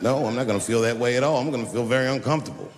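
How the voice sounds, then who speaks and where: A man's voice: mid-range voice, very fast. A man in his fifties performing a stand-up routine to a live audience, telling stories in a conversational way and jumping suddenly into other voices. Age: 50s. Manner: conversational, animated storytelling with sudden voice shifts. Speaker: stand-up comedian. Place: large live venue with audience. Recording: live hall reverb, faint room noise.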